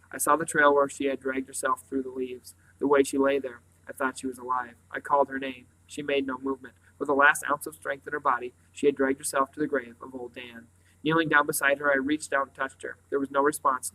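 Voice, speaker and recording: A man reading a novel aloud in a quiet, earnest way, stumbling now and then. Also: mid-range voice, rough recording. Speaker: reader.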